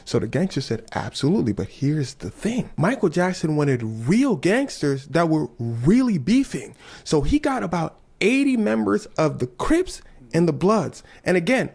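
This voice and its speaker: Animated, raspy male storyteller. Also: a little high, measured pace. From Los Angeles. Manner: animated, slangy, playfully dramatic. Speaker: storytelling video narrator. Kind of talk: comedic storytelling narration.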